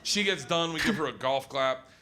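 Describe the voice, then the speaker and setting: A man's voice: a little high, moderate pace, very noisy. A man telling a profane stand-up story in a rowdy, laughing way. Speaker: stand-up comedian.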